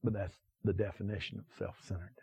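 A man preaching a sermon with passion, asking the listeners many direct questions and swinging from loud emphasis to quiet asides. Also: on the low side, little pitch movement, quick pace, gravelly, husky, no room sound. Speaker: pastor.

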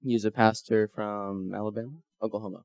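Talking a little fast in a fairly low voice, a man shows a group photos from his mission trip. He tells it casually and animatedly, voicing the people he quotes. There's no room sound.

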